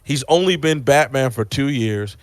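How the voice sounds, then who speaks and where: Male co-host, lively movie chat, mid-pitched, dry studio voice. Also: normal speed, no echo. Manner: excitable, animated storytelling. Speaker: podcast co-host. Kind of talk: casual movie review chat.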